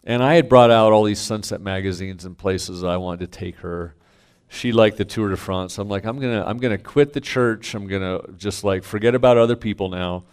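A middle-aged man, a pastor, telling a candid family story to a congregation, self-mocking and swinging from quiet asides to loud punchlines. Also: on the low side, fairly quick, clear, resonant tone. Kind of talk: storytelling sermon.

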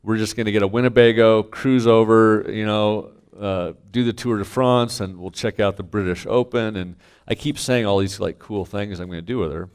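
A middle-aged man, a pastor, telling a candid family story to a congregation, self-mocking and swinging from quiet asides to loud punchlines. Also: fairly low pitch, steady tone, normal speed, hardly any pauses, clear, resonant tone. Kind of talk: storytelling sermon.

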